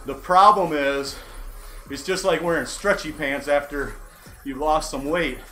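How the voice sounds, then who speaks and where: Faint background music accompanies a man in his forties who rambles through a livestream from his indoor bike trainer. His fairly high voice is pushed and bright, with fairly even intonation and a measured pace, and his manner is candid, wry, and self-mocking.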